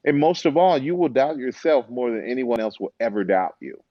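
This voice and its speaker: A man guest in a casual interview, an animated storyteller who acts out the voices he quotes. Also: medium pitch, fairly quick, no echo, dull audio. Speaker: interview guest, former football player and TV host.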